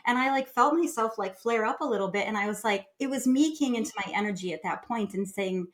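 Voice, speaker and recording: A woman wellness expert, a guest on a podcast, explaining and guiding in a calm, soothing way. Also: fairly high pitch, quick pace, hardly any pauses. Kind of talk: casual conversational interview.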